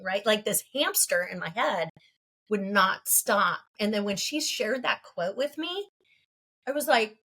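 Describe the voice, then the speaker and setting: A woman's voice: fairly high pitch, animated, fairly bright tone. Woman in her fifties, earnest storyteller. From California. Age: 50s. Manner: earnest, halting, laughs between thoughts. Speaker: podcast guest. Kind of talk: candid personal storytelling.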